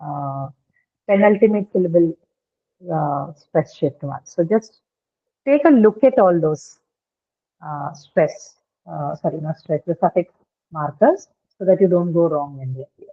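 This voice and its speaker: A woman teaching a live online pronunciation class, speaking haltingly with many filler sounds and checking in with her students. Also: low-pitched, animated. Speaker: English teacher. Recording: narrow phone-like online class audio.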